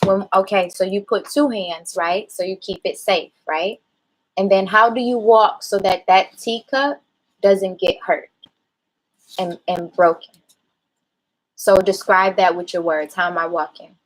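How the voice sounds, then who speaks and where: A woman talks to her child in a calm, measured way, steering her with patient questions. She is holding back tears as she speaks. Her voice sits at an ordinary pitch for a woman. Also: poor audio. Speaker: mother. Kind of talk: parent talking a child through a mistake.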